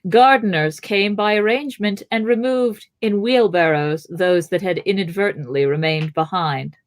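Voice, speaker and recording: A woman co-hosting a podcast, reading a book aloud and chatting in between, dropping her voice low for the wizard's lines. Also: dry recording. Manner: reads the book aloud in a slow measured voice, lowering it for the wizard. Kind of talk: casual podcast read-aloud and chat.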